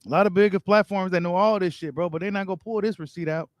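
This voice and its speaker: A man's voice: sits high, fairly even intonation, quick pace, no echo, clean studio sound. A man hosting a boxing live stream, reading viewer comments and giving his take in casual, slangy talk straight to his viewers. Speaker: boxing channel host.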